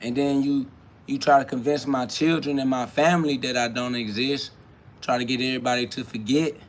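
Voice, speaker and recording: Hosting his own podcast, a man speaks fairly quickly in a mid-range voice with fairly even intonation, delivering a rambling spiritual monologue. He laughs often, keeps saying "you feel me," and shifts between loud and quiet.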